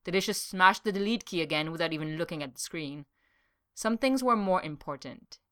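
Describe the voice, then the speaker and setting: Female story reader, lowish voice, bright and forceful, expressive delivery. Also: a little fast, smooth, dry recording, studio quality. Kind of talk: story read aloud.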